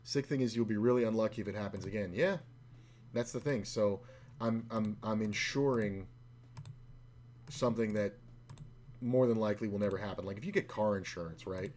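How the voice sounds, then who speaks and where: Low-voiced man, swearing poker streamer. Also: moderate pace, pauses often, a little mellow, a little hiss or hum. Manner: profane, rambling, full of fillers. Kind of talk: casual storytelling while playing online poker.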